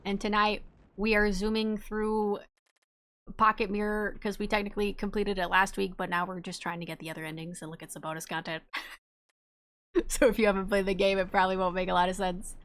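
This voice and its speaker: A woman chatting casually on a livestream as she plays a game, bubbly and quick to giggle, warmly greeting her viewers. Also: mid-range voice, level tone. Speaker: streamer playing a game.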